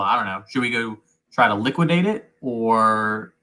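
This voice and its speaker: A man's voice: on the low side, expressive, moderate pace, bright, forceful tone. A man hosting and playing in a tabletop game, chatting in an upbeat, casual way. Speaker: host and player.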